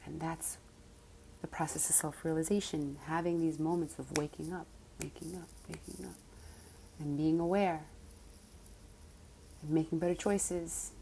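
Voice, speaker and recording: A woman coach telling a personal story in a casual monologue, animated and at times dropping to soft whispered mantras. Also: sits low, a little slow, creaky, pauses often, a little hiss or hum. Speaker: spiritual coach.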